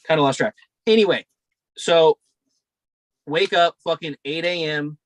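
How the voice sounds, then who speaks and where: A man's voice: medium pitch, fairly bright tone, no room sound. A young man co-hosting a podcast, telling a rambling, profane story in casual chat. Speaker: podcast co-host.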